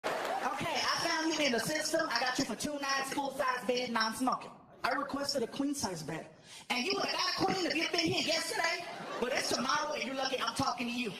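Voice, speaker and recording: A man doing a sassy, high-pitched woman desk clerk. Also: expressive, fairly quick, roomy sound, over a noisy crowd, very noisy. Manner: brash, sassy, drawling. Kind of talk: stand-up comedy act-out.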